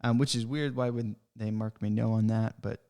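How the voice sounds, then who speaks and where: A man's voice: fairly low pitch, steady tone, moderate pace, vocal fry, darkish tone. A man who owns a pest control business, hosting a podcast and venting in a frustrated, worked-up way about an inspection. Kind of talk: casual podcast rant.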